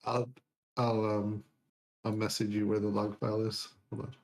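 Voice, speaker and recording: A man's voice: on the low side, little pitch movement, moderate pace, a little mellow. A man chatting on a stream with friends in a laid-back way, chuckling and giving helpful tips. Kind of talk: casual chat.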